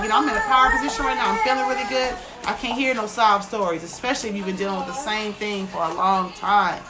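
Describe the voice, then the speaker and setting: An American woman chatting casually on a live stream, giving motivational tips between frequent laughs. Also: medium pitch.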